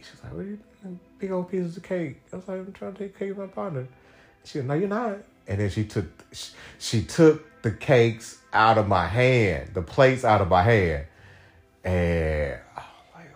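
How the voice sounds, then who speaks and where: In his podcast's offhand monologue, the young host winds through a crude, meandering story packed with filler words. Whenever he quotes someone, he imitates them with sharp leaps in pitch.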